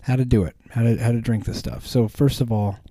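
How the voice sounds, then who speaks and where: Guy with a lowish mellow voice rambling on his podcast, lots of ums, dry sound. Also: fairly even intonation, brisk, no room sound. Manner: rambling, many fillers and restarts. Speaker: podcast host. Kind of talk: casual chat.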